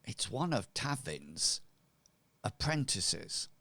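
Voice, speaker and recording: A man's voice: medium pitch, big pitch swings, slow, pushed and bright, no echo, full character voice. A man voicing a nervous, flustered male blacksmith who stammers and speaks with fussy politeness. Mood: hushed.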